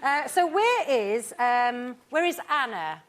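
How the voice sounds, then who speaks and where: Woman talk show host in her 40s, lively and teasing, voice high and bouncy. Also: takes it slowly. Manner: lively, teasing, laughs often. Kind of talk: chatty studio interview.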